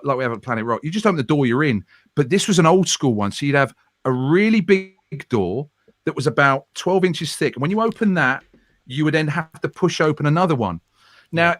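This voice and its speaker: A man in his forties swaps radio anecdotes in a relaxed, self-mocking way. His voice sits a touch high and jumps around a lot as he tells the tale. The sound is dry and close, with no room echo. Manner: lively, self-deprecating anecdotes with quick asides. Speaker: radio presenter guest. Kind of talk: casual storytelling chat. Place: home room.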